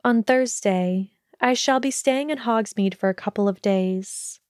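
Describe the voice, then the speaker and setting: A woman voicing an earnest young witch in an audiobook, pitched higher and speaking hesitantly. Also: a little slow, dry recording, clean studio sound, natural voice.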